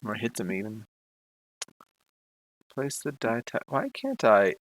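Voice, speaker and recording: A man's voice: lowish voice, huge pitch swings, slow pace, poor audio. A man narrating a tabletop game as game master, hesitant with many fillers as he describes the action.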